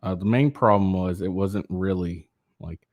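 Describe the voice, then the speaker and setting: A man's voice: low voice, normal speed, no room sound. A tired man reading a news article aloud and breaking off into rambling, profane rants full of fillers and restarts. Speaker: political commentary channel host.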